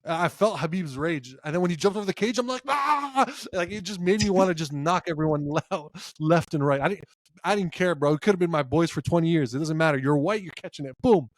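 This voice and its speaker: A man co-hosting a casual sports podcast, telling animated stories, acting out quotes and laughing often. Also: on the high side, quick pace, no room sound, clean studio sound. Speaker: podcast co-host.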